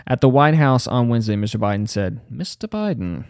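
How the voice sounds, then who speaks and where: A man's voice: medium pitch, fast, a little mellow, clear, resonant tone, dry recording, clean studio sound. A man hosting a podcast, reading a news article aloud and breaking in with sarcastic, mocking asides. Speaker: podcast host.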